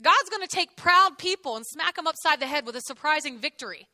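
High, bright woman teaching the Bible. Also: a little fast, no echo. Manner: lively, jokey, acts out the characters.

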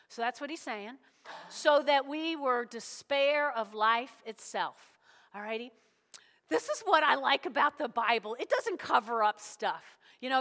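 A woman pastor delivers a sermon with a high, ringing voice, keeping it chatty and animated and often checking in with the congregation. Her voice carries a long reverb, as if it fills a large church hall. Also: moderate pace. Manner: animated, conversational preaching with frequent check-ins to the congregation. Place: church sanctuary.

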